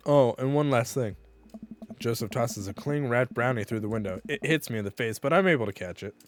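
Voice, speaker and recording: A man's voice: mid-range voice, expressive, moderate pace, no echo. A tipsy man on a casual charity stream, reading game dialogue aloud and laughing often between lines.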